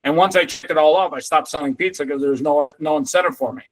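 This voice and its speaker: A middle-aged man telling an animated story as a podcast guest, swearing freely and acting out other people's lines. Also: on the high side, fast, no echo, low-quality recording.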